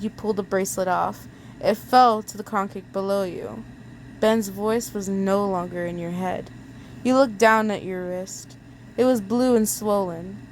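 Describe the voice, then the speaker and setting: A woman's voice: medium pitch, slight background noise. A young woman reading second-person fan fiction aloud in a casual way, stumbling and laughing at her own slips. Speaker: story reader.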